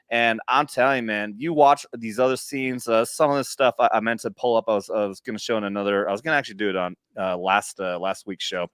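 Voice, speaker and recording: A man co-hosting a veterans' podcast, chatting casually with frequent swearing and rambling, animated stories. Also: lowish voice, quick pace, few pauses, clean tone, dry recording, studio quality. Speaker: podcast co-host, military veteran. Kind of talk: casual profane chat. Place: central Missouri.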